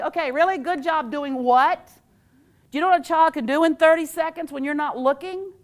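A woman teacher gives an animated workshop talk, quizzing her audience and acting out phrases. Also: sits high, moderate pace. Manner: animated, quizzes the audience with call-and-response questions; acts out quoted phrases in playful voices. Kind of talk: live interactive workshop talk.

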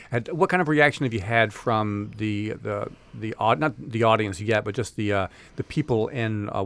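Low-voiced male radio host. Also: a bit bright. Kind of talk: radio interview.

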